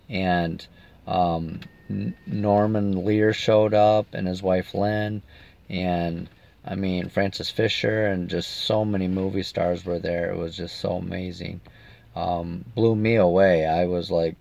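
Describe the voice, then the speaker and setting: A man's voice: sits low, creaky, no room sound. A man giving a rambling, emotional update to his viewers while sitting in a car, stopping now and then to read their comments. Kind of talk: casual video update. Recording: dull lo-fi sound.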